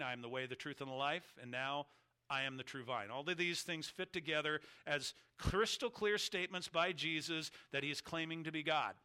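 Bright-voiced male preacher, emphatic. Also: a little high. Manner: emphatic, deliberate preaching with slowed stressed phrases. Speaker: pastor. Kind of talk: sermon.

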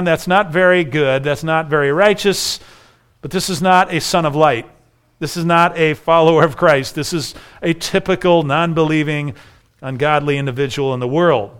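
A middle-aged man preaching a sermon, telling a story with animated voices for the figures. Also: on the high side, normal speed, clean tone. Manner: animated storytelling, acts out dialogue. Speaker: pastor.

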